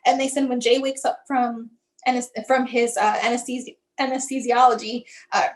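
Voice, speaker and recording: A woman with a high voice tells a deeply personal story as a guest. She talks conversationally, slipping into the voices of the people she quotes and breaking off and restarting her phrases when emotion catches up with her. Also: fairly even intonation, moderate pace, rough recording. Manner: conversational, acts out what others said, many fillers like "like". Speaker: guest, mother sharing her son's story.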